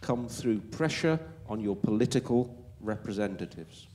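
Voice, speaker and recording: A man's voice: on the low side, expressive, moderate pace, heavy background noise. A middle-aged man with a Wolverhampton accent answering as a panelist, emphatic and stumbling into repeated words as he builds his point.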